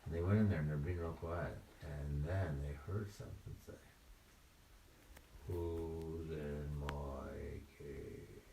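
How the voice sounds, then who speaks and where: An older man telling a bedtime story in a gentle, unhurried way, indoors in a bedroom. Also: very deep voice, background noise. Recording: roomy, mic at a distance.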